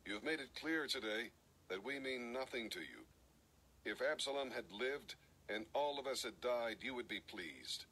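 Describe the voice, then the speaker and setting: A man's voice: mid-range voice, lively intonation, normal speed, sharp tone, husky, rough recording. A man reading as a stern army commander. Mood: scolding.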